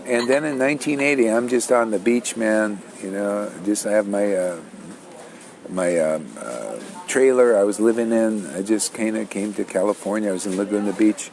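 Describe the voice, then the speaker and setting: A man's voice: on the low side, normal speed, darkish tone. An older man, telling his spiritual story in a rambling, casual way with many restarts. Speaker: spiritual teacher.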